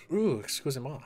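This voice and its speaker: A man giving casual let's-play commentary, excitable and jokey, yelping and shouting at the game. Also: a little high, creaky.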